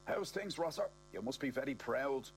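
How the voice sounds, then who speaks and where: A man's voice: mid-range voice, expressive, normal speed, slight background noise, lightly acted. A man voicing a cheery working-class older man with a Dublin accent, eager to please.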